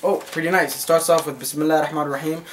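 A man's voice: fairly high pitch, steady tone, rapid-fire, a little hiss or hum. A man talking casually to camera as a vlogger, playful and teasing, often repeating and restarting his words. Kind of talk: casual vlog chat.

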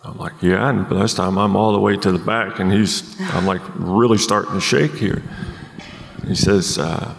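A man in his forties earnestly telling his life story as a podcast guest, halting with many ums, recorded live at a conference. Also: deep voice, fairly even intonation, creaky, in a large hall, a little hiss or hum.

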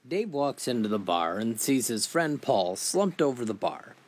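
A man telling a string of crude jokes in a steady, scripted narration voice. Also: mid-range voice, unhurried. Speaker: joke teller.

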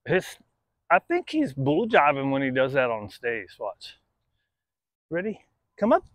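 A man training his dog, praising it in high sing-song bursts and then dropping to quiet explanatory asides. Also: wildly swooping pitch, measured pace, no echo.

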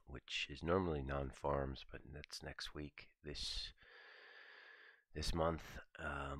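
A man with a gravelly, very deep voice delivers a morning market commentary in a relaxed, profane, stream-of-thought manner. The recording is dry, with no room sound around him. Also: no room sound. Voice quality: gravelly, very low voice. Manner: casual, profane, thinking aloud. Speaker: trading commentator.

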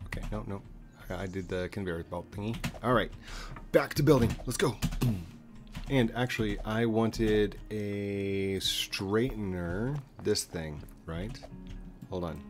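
Guy streaming a building game, slow and gravelly, music in the background, keyboard clicks. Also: fairly low pitch. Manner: rambling, talks to himself while building, squeals greetings to viewers. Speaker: gaming streamer. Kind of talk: casual gameplay chat. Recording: clear background music under voice.

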